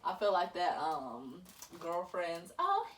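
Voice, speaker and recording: A woman tarot reader talking casually about spirituality, acting out her own thoughts in animated quoted asides. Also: fairly low pitch, slow.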